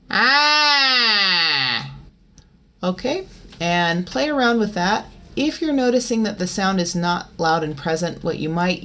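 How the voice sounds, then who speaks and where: Woman, voice teacher, lowish voice, chatty, faint hiss behind. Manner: relaxed, chatty explaining with loud twangy sung demonstrations. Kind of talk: vocal lesson.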